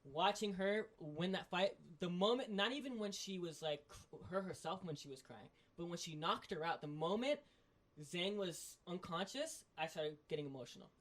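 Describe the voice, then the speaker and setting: A man co-hosting a casual podcast, talking in an excitable, animated way as a sports fan. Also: sits high, moderate pace. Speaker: podcast co-host. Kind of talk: casual chat.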